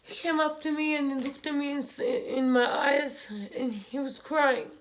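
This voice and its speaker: A young woman, telling a painful family story in a vlog while crying, halting and repeating herself. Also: high voice, steady tone. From Australia. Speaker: vlogger. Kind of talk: emotional personal story while doing makeup. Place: home room, indoors.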